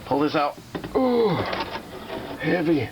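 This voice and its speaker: A man vlogging while restoring a slot machine, chatty and self-deprecating, talking to viewers and repeating calming phrases to keep himself from getting mad. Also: fairly high pitch, slow pace, vocal fry, noisy background. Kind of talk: casual workshop vlog.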